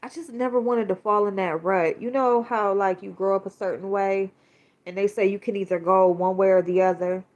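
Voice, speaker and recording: A woman's voice: mid-range voice, steady tone, moderate pace, a little mellow. Frank, emotional woman in her forties. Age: 40s. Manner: frank, profane, emotional, many fillers. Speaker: podcast host. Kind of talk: candid emotional talk. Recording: slightly dull lo-fi sound.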